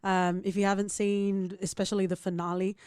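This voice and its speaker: A woman co-hosting a podcast in casual chat, joking in a playful, crude and animated way. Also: mid-range voice, a little fast, clear, resonant tone, no room sound, clean studio sound. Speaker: podcast co-host.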